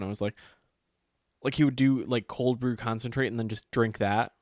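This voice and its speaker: Co-hosting a casual chat, a man with a mid-range, fairly quick voice tells animated stories, acting out quotes and swearing freely. The recording is dry, with clean studio sound.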